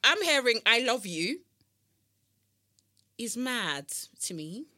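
A young woman co-hosting a casual podcast, teasing and joking as she talks. Her voice is bright and her pitch jumps about with energy. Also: very animated, slow pace. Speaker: podcast co-host. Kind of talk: casual chat.

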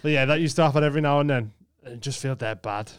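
A man's voice: medium pitch, fast, heavy background noise. A man, co-hosting a podcast in casual chat, swearing freely and acting out quoted voices. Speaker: podcast co-host. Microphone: studio mic.

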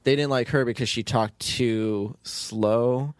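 A man's voice: mid-range voice, fairly even intonation, slow, no echo. A man hosting a casual podcast chat, easygoing and agreeable, often nodding along with short replies. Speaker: podcast host and show creator.

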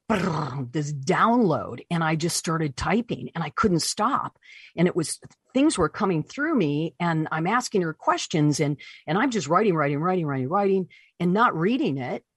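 Interview guest: woman, low husky voice, animated storyteller, dry close sound. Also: moderate pace, no echo. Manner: animated, voices her own past reactions. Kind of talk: personal storytelling.

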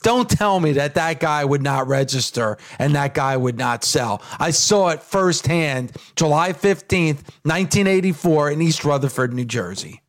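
A man's voice: fairly high pitch, expressive, normal speed, few pauses. A man co-hosting a wrestling talk radio show, emphatic and repeating his points for effect. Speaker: radio co-host.

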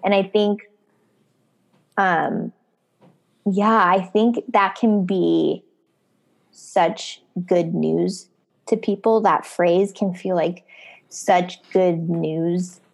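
A young adult woman, a running coach and host, talking in a slow, reflective way and softly repeating phrases in casual conversation. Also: fairly low pitch, vocal fry.

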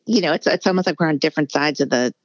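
A woman's voice: low-pitched, very fast, dry recording, dull audio. A middle-aged woman author speaking candidly in a casual interview, rambling with many fillers. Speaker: author guest.

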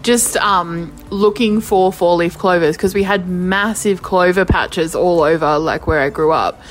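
A young woman co-hosting a podcast from home, relaxed and casual, swearing freely. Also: fairly low pitch, measured pace, slight background noise. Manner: laid-back, swears freely. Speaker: podcast co-host. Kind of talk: casual chat.

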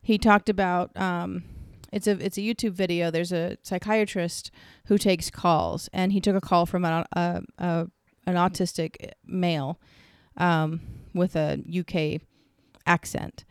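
Earnest woman with a smooth voice. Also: fairly low pitch, fairly even intonation, a little slow, no room sound, clean studio sound. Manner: earnest, reflective explaining with many restarts; flustered and laughing when teased. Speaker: podcast co-host. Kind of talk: casual chat.

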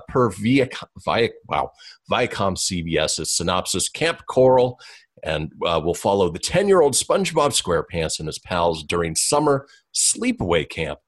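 A man co-hosting a podcast, reading entertainment news and chatting casually, laughing often and tripping over names. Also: lowish voice. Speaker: podcast co-host.

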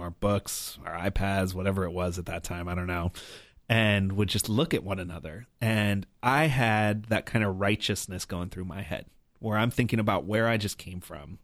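A man with a fairly low voice recounts a personal story as a guest. He is earnest and reflective, leaning on "like" and "right?" as he talks. The sound is dry and close to the mic. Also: no echo. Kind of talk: conversational storytelling.

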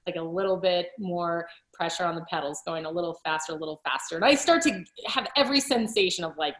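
A woman's voice: fairly low pitch, quick pace, hardly any pauses, a bit bright. A woman cycling coach and author talking casually in an interview, chatty, with frequent laughs, fillers and restarts. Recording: roomy echo.

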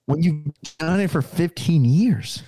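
A man's voice: fairly high pitch, slow, dark tone, slightly rough. A man co-hosting a sports podcast who coaches kids, easygoing and agreeable, often echoing his co-host. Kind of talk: casual sports podcast banter.

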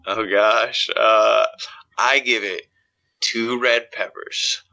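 A man's voice: lowish voice, fairly even intonation, extremely slow, creaky, pushed and bright, muffled recording. A man co-hosting a podcast in casual chat, jokey and laughing often. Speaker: podcast co-host.

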